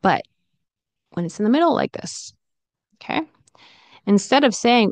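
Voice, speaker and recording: A woman teaching English pronunciation, repeating example phrases slowly and then at natural speed. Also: fairly high pitch, animated, vocal fry, no echo.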